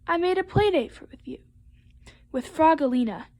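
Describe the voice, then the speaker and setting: A woman voicing a patient, cheerful mother frog in a storybook reading, speaking gently. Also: high voice, expressive, normal speed, pitched above the performer's own voice. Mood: gentle.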